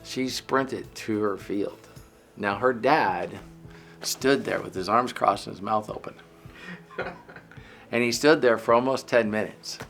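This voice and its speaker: A middle-aged man, a bodywork practitioner, telling a story in a casual, animated way, often repeating words and restarting. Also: lowish voice, measured pace, creaky, long pauses, faint music behind.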